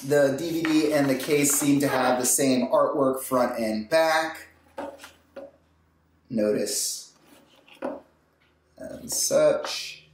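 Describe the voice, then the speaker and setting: A man's voice: mid-range voice, slow pace, pauses often, slight background noise. A man hosting a casual unboxing, chatting with joking, self-mocking asides. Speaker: host. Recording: echoey room.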